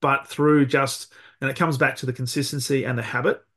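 A man's voice: medium pitch, flat delivery, brisk, a bit bright. A man hosting a podcast, chatting reflectively and restarting his sentences. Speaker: podcast host. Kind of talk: casual interview talk.

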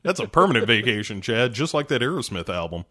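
A man's voice: medium pitch, quick pace. A man co-hosting a casual movie podcast, recapping scenes with sarcasm and acting out the characters' lines. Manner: animated, sarcastic, acts out scenes. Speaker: podcast co-host.

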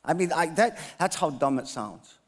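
A man's voice: on the high side, very animated, normal speed, big-room sound. A man in his fifties preaching a sermon as a pastor, telling a personal story with self-mocking humor and acted dialogue. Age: 50s.

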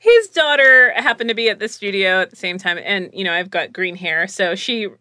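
A woman's voice: mid-range voice, animated, normal speed, sharp tone. A woman in casual podcast chat, telling stories animatedly and laughing often. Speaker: podcast guest.

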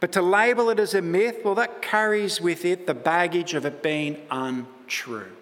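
Aussie male pastor, slightly high voice, joking sermon, echo of a big church hall. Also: moderate pace. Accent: Australian. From Australia. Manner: chatty, self-deprecating, lively asides.

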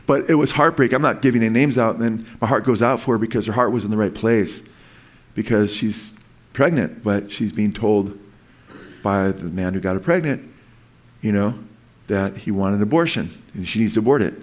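A man's voice: lowish voice, normal speed. Earnest rambling male preacher. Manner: earnest, rambling, frequent restarts and asides. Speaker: pastor. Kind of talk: sermon.

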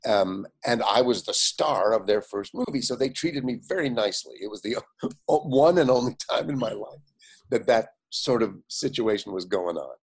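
An older man with a low, gravelly, somewhat husky voice tells stories at length. He brings the people in his stories to life by voicing their lines, and scatters fillers and laughs through his speech. He comes across as a lively, animated storyteller. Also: moderate pace. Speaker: guest. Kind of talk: anecdotal storytelling.

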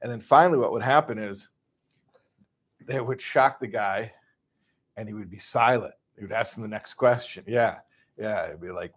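A man from Chicago casually retelling a story, animated and full of restarts, acting out voices. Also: fairly low pitch, normal speed, long pauses, husky. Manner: animated, acts out voices, many restarts and asides.

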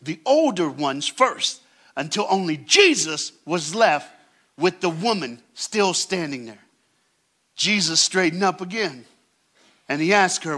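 Male guest preacher, high and bright, dramatic storyteller with crowd call-and-response. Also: sing-song, measured pace. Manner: dramatic storytelling, swings from hushed to shouting. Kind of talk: sermon. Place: church stage.

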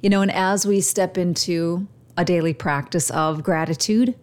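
Woman, show host, self-help talk, slow gentle reflective delivery, lowish voice. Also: fairly even intonation.

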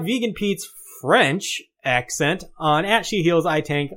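A man's voice: on the high side, animated, slow pace, few pauses, a bit bright. A man co-hosting a live-streamed podcast in casual chat, joking and trading wisecracks. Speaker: podcast co-host.

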